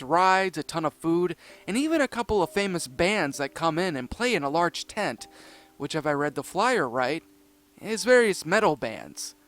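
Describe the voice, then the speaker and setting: A man voicing an excitable young male kangaroo cartoon character, bubbly and eager. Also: sits high. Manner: eager, bubbly, talks in quick bursts.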